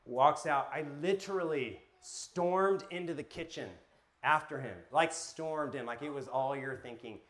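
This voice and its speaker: A man preaching and teaching to a live group, energetic, asking the room questions and telling personal stories. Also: medium pitch. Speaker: pastor teaching a class.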